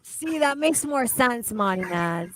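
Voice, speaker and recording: A woman's voice: a little high, expressive, unhurried, slight background noise. A woman streamer reacting to videos, with crude, mocking and incredulous commentary full of swearing.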